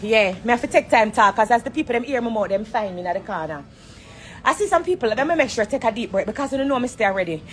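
Jamaican woman going off on a phone livestream, high voice, profane and confrontational. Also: expressive, fast talker. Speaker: dancehall artist on a live stream. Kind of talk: heated live-stream rant. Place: corner of an airport.

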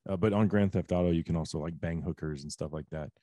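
A man's voice: low-pitched, fast talker, mellow, no room sound. A man in his forties hosting a casual talk show, ranting bluntly with rhetorical questions. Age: 40s. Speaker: host. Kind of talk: casual podcast chat.

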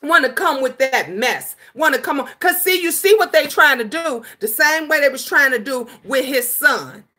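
High, bright-voiced woman livestreamer. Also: normal speed, hardly any pauses. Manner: animated and emphatic, repeating lines for effect; profane, scolding trolls. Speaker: livestream host. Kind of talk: casual livestream chat, answering viewers.

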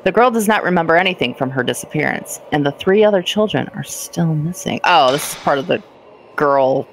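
A woman's voice: sits low, lively intonation, brisk, slight background noise, poor audio. A woman chatting on a gaming stream, reading in-game text aloud and adding chatty asides. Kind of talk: casual gaming chat.

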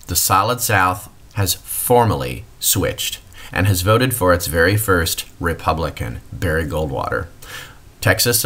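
Deep-voiced male history lecturer. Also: fairly bright tone. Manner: explanatory, addressing students directly.

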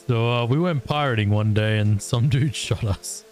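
A man's voice: mid-range voice, moderate pace, a little mellow. Playful laughing male streamer. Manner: laughing, playful, talks in a pirate growl. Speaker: streamer in a roleplay game. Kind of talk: casual gaming chat.

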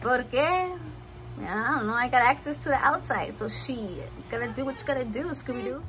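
High-voiced woman mixing Spanish and English. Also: fairly quick. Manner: playful, swears a lot, mixes Spanish and English. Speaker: home cook vlogger. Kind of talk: casual cooking vlog. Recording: noisy home kitchen recording.

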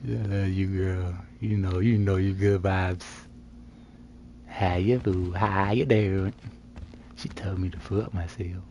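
A man's voice: sits low, steady tone, takes it slowly, darkish tone, slight background noise. A man live-streaming a roleplay, trading flirty, joking banter and putting on a street accent now and then. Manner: slips into a put-on street accent.

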